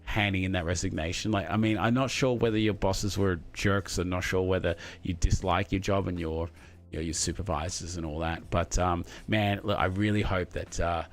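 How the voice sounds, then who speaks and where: A man's voice: low voice, steady tone, normal speed. A man chatting casually as he reads out viewer messages, rambling and friendly with lots of fillers. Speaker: streamer reading chat. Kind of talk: casual live chat.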